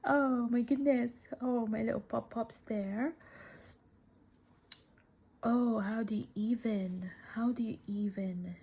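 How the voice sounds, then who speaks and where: A woman vlogger unboxing crafting gifts in casual chat, gushing and emotional, often dropping to soft whispers, tearful and welling up. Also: mid-range voice, husky. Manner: slow, with many fillers and sighs.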